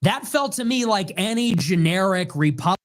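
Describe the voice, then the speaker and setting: Sarcastic, lively podcast host man. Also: sits high, normal speed, rough recording. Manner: sarcastic, mocking, swears freely. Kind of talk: comedic podcast commentary.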